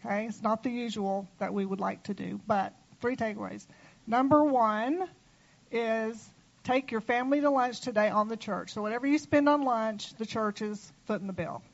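A woman's voice: on the high side, normal speed, gravelly, lo-fi sound. Affectionate woman minister on stage. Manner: warm, affectionate, tearful at times. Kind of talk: church presentation speech.

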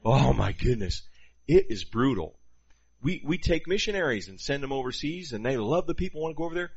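A man delivering a sermon in a lively, chatty way, dropping quick asides to his listeners. His voice sits in a middle range and comes through a slightly dull, lo-fi recording. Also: mid-range voice, breathy edge. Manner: animated, conversational preaching with quoted asides.

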